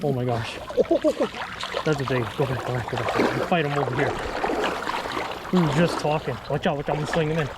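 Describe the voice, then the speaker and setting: A young man filming his fishing trip on a creek, talking casually and excitedly, repeating his exclamations and calling his friends bro and dude. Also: medium pitch, a little fast, long pauses. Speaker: fishing vlogger. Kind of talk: casual outdoor fishing commentary. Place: outdoors on a creek. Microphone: action camera. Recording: outdoor camera audio with loud water noise.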